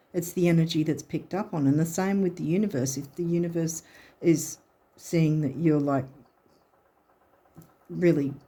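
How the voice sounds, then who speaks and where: A woman's voice: deep voice, mellow, husky. A woman giving a casual tarot reading, chatty and encouraging, often restarting her sentences. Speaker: tarot and astrology reader.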